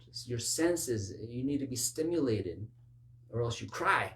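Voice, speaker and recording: A man preaching a sermon in an animated way, dropping to low murmurs and rising to high, insistent exclamations, with mocking asides. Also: a little slow, slight background noise. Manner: mocking, acts out worldly voices.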